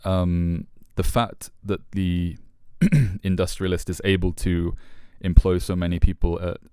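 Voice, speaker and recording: A man co-hosting a podcast, talking through a philosophy book in a thoughtful, halting way with many fillers. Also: sits low, fairly even intonation, warm tone, clear, resonant tone, no room sound, studio quality. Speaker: podcast co-host. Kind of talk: casual book discussion.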